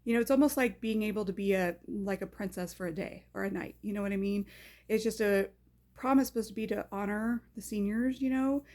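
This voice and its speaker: A woman's voice: medium pitch, fairly quick, a little mellow. A woman telling a personal story in a casual, chatty way, full of "like" and "you know", acting out her own reactions as she goes. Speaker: storyteller recounting a personal memory.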